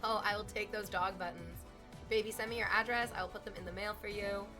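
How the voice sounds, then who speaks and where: A woman's voice: medium pitch, fairly even intonation, fast talker, over music. A woman streaming from home, chatting casually with viewers in a playful, teasing way, swearing freely.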